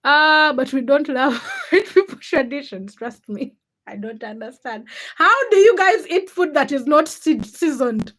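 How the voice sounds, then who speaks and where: A young woman in her twenties hosting a livestream, speaking her opinions in an outspoken, animated way and greeting viewers from the chat. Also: high voice, measured pace. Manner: outspoken, animated, thinks aloud with restarts. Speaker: livestream host. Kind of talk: casual livestream chat, reading viewer comments.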